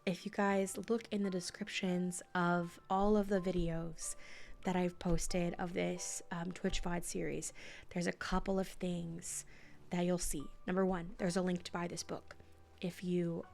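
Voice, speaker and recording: Soft-spoken woman streamer reading aloud. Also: on the low side, level tone, vocal fry, faint music behind. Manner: soft-spoken, slipping into whispers; chatty and halting between readings, with fillers. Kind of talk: soft ASMR-style reading and stream chat.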